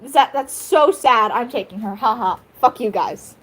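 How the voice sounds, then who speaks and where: A woman's voice: on the high side, expressive, unhurried, slightly rough, pitched below the performer's own voice. A woman voicing a smug, spiteful male cat leader who sneers at his rivals. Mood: mocking.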